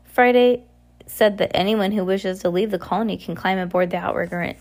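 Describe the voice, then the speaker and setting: A woman's voice: medium pitch, fairly quick, darkish tone, close to an everyday voice. A woman reading aloud and voicing a resourceful teenage girl who tries to sound confident. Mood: determined.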